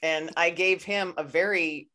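Chatty woman hosting a podcast, low voice. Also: fairly even intonation, measured pace, sharp tone. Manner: chatty, rambling, many "you know"s. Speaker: podcast host. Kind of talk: casual conversational interview.

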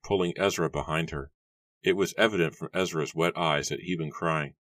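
A man narrates a scripted audiobook in a steady, measured voice that sits extremely low. The recording is close and dry, with no room sound.

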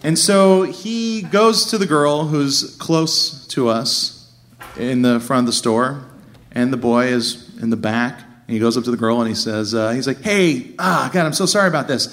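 A man telling a funny true story on stage, animated and laughing as he goes. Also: mid-range voice, a little slow. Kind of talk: live comic storytelling.

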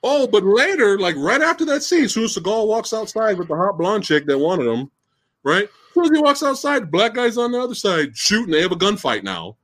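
A man hosting a live-stream movie discussion who rants in an excitable, incredulous, profane way. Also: high-pitched, brisk. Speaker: host.

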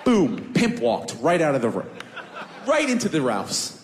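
A man telling a comic story on a podcast in an animated, profane, self-mocking way. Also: fairly high pitch, a little slow, long reverb tail, heavy background noise.

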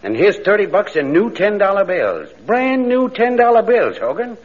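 A man's voice: high-pitched, very animated, normal speed, husky, heavily acted. An actor playing a dim, suspicious police sidekick with tough-guy slang, in 1940s radio comedy style. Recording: dull old radio broadcast.

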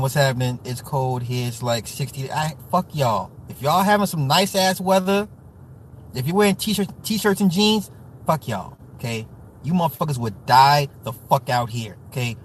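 Man, from the US Midwest, livestream host, profane joking rants, slightly high voice, faint background noise. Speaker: livestream host reading chat. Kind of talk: casual livestream chat.

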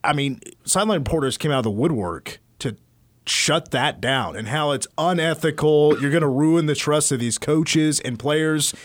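A man's voice: a little high, moderate pace, dry recording. A man hosting a sports talk show, casually retelling sports stories. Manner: storytelling, animated retelling. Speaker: sports radio host.

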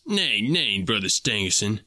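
A man's voice: lowish voice, sing-song, a little slow, sharp tone, no room sound, studio quality, exaggerated voice. A man voicing a sanctimonious young male suitor with a nasal, preachy, smirking way of talking.

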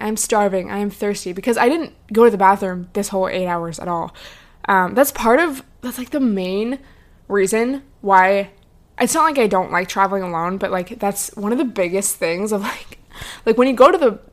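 A young woman hosting a podcast, telling a travel story in a chatty, casual way, full of fillers and the odd swear word. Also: medium pitch. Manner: chatty, lots of "like" and "um", swears freely. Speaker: podcast host.

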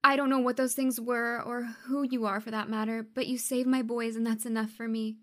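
A man's voice: extremely high pitch, little pitch movement, moderate pace, bright, forceful tone, voice pushed up. A man voicing a flustered young mother in a storybook reading, her voice breathless and quavering with relief. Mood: tearful relief.

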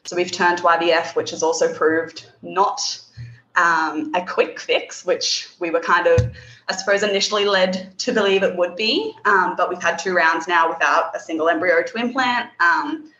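Aussie woman guest, hesitant, lots of ums, lower voice, echoey muffled call audio. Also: steady tone, moderate pace, a little hiss or hum. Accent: Australian. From Darwin, Australia. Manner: soft-spoken, hesitant, many ums. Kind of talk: personal story in an interview. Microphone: video call.

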